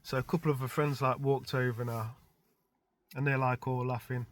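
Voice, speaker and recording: Speaking at a moderate pace with frequent pauses, this middle-aged man has a mid-range voice and a level tone. He's a vlogger casually rambling through a story about a dream, chuckling a lot and leaning on fillers like "like" and "type thing."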